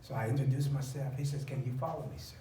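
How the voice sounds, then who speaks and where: A man preaching a story, laughing often and rising to shouts. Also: mid-range voice, steady tone, fast, a little hiss or hum. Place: church. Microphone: far camera. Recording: echoey church from far off, loud congregation.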